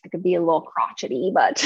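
A woman's voice: fairly low pitch, breathy edge, no room sound. A woman talking candidly in casual chat, laughing often and full of "like". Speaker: guest. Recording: slightly dull, dry sound.

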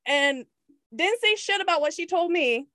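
A woman's voice: very high-pitched, animated, brisk, fairly bright tone, dry recording, clean studio sound. A young woman from Washington state hosting a casual chat, blunt and outspoken, laughing often. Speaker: podcast host.

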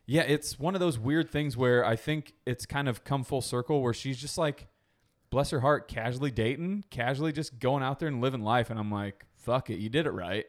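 A man's voice: medium pitch, moderate pace. A young man co-hosting a podcast, telling stories in casual chat, laughing often and swearing freely. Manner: laughing storyteller, acts out quotes, swears freely. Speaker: podcast co-host.

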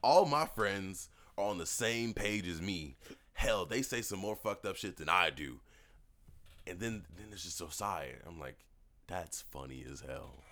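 A man's voice: low-pitched, expressive, a little slow, fairly bright tone. A man co-hosting a casual podcast who laughs often, swears freely and eggs his co-host on. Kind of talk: casual chat.

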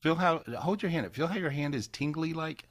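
On a video call, a man leads a casual live spiritual healing call-in, sounding warm and folksy, circling back to the same phrases and laughing a lot. His voice is a little high, expressive, and fairly quick.

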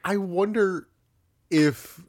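A man's voice: sits high, very slow, darkish tone. A man co-hosting a wrestling podcast, recapping matches in an easygoing, matter-of-fact way. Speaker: podcast co-host. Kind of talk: casual wrestling recap chat.

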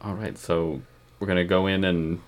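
A man's voice: low-pitched, fairly even intonation, moderate pace. A man playing a tabletop role-playing game, easygoing and inquisitive. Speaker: player. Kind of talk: casual tabletop game play.

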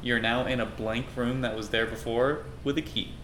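A man's voice: medium pitch, fairly even intonation, normal speed, fairly bright tone. A man narrating a tabletop game as game master in a loose, casual way. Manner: casual, loose, puts on crowd voices.

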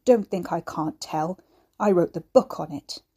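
A woman doing a croaking, wheezing old man. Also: on the low side, a little slow. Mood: urgent. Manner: sharp-tongued and scolding. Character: frail bedridden old man, bookish, scornful.

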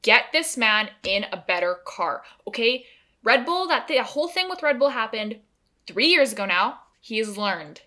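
A young woman from Canada co-hosts a casual podcast chat. Her voice is bright and forceful, and she delivers strong opinions with plenty of laughter. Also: a little high, moderate pace. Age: young adult. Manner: animated, opinionated, laughs often. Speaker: podcast co-host.

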